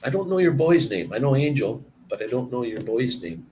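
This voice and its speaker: A man's voice: medium pitch, sing-song, brisk, warm tone, a little hiss or hum, rough recording. A man hosting a live stream, chatting casually and rambling from one story to the next with chuckles.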